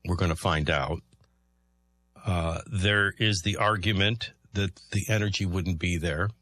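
A man's voice: sits low, a little slow, bright, forceful tone, dry recording. A man hosting a talk radio show, chatting through rambling anecdotes and often laughing.

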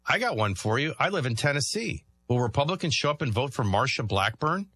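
A man's voice: mid-range voice, sing-song, brisk, pushed and bright, breathy edge. A man hosting a talk radio show, chatting through rambling anecdotes and often laughing.

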